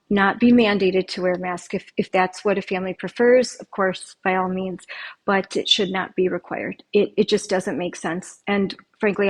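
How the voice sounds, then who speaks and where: A woman running for school board makes an earnest, emotional personal appeal, often halting and restarting with fillers. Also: mid-range voice, low-quality recording.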